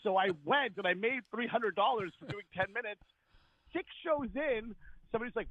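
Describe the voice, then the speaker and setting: High-voiced man on a tinny phone line. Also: normal speed, no echo. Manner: animated storyteller, acts out quoted people. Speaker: comedian guest. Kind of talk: casual phone interview.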